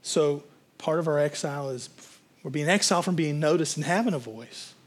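A man's voice: fairly high pitch, fairly quick. A man preaching a sermon as a pastor, in a conversational, rambling way with fillers and restarts.

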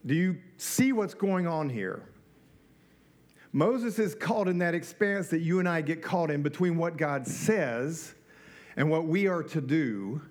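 A man's voice: on the high side, lively intonation, a little slow, a little mellow. A middle-aged man preaching a sermon in a conversational way, with rhetorical questions and joking asides. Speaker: pastor.

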